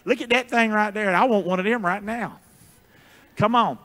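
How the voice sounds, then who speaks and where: A man preaching a sermon as pastor, with call-and-response, booming shouts and hushed asides. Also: normal speed. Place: church sanctuary.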